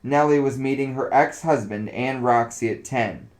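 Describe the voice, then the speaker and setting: A man narrating a story aloud in a relaxed, casual reading voice. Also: medium pitch, moderate pace, low-quality recording.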